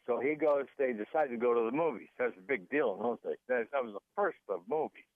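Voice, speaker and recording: A man's voice: mid-range voice, quick pace, no echo. Male guest author on a phone line, rambling anecdotal storyteller, very dry sound. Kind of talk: storytelling interview.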